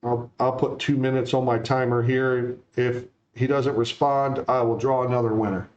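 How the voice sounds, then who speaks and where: A man's voice: mid-range voice, normal speed, dull audio, soft background music. A man hosting a live stream, talking casually and rambling with plenty of fillers. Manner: relaxed, rambling, lots of fillers. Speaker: stream host.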